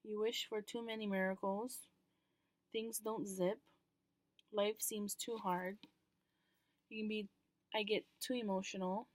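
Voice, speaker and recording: Woman vlogging, frank and rambly, lots of ums, mid-pitch voice, dry close mic. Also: flat delivery, a little slow, pauses often, no echo. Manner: candid and rambling, frequent ums, swears casually. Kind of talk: casual chat to camera.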